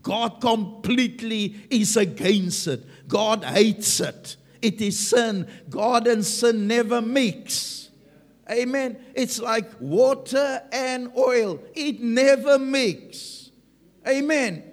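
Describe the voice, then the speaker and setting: A man's voice: extremely high pitch, slow pace. A man preaching a sermon with emphasis, punctuating his points with "Amen". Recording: long reverb of a large hall.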